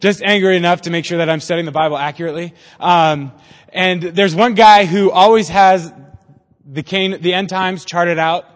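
A man's voice: sits high, fairly even intonation, normal speed, big-room sound. A young man preaching a casual, jokey sermon to a youth group, chatting and quizzing his listeners as he goes.

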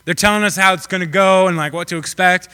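A man's voice: high-pitched, fast talker, sharp tone, smooth. A young man giving a casual, joking sermon to a live audience. He rambles with many fillers and asides. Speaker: pastor. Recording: long reverb of a hall.

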